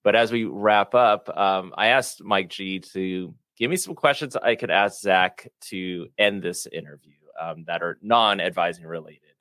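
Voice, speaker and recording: A man hosting a podcast interview, asking questions in a relaxed, easy-going way. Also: deep voice, unhurried, no echo. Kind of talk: casual interview chat.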